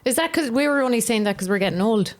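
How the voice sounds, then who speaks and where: An Irish woman co-hosts a podcast, teasing her friends with quick comebacks and laughing a lot. Her pitch swings widely and her delivery is animated. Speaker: podcast co-host. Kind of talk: casual banter.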